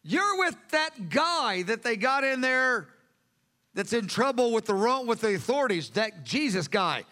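A man's voice: extremely high pitch, big pitch swings, unhurried, pushed and bright, big-room sound, full character voice. A man putting on a pointed young servant girl. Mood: accusing. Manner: pointed questioning.

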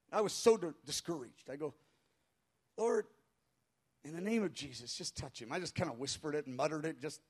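A man pastor telling a story in a sermon before a live congregation, animated and halting, crying out when he acts out quoted voices. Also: high voice. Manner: halting with frequent restarts.

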